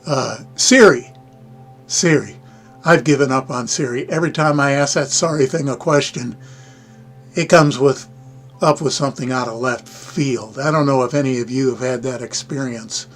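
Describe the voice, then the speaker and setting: A man's voice: mid-range voice, moderate pace, faint music behind. An older American man with a Midwestern accent, hosting a casual live-stream chat in a rambling, folksy way with chuckling asides. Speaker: livestream host.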